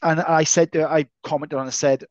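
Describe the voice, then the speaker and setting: A man co-hosting a casual martial arts podcast, an animated storyteller who swears freely and acts out voices. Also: on the high side, a little fast, no room sound, muffled recording. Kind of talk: casual chat.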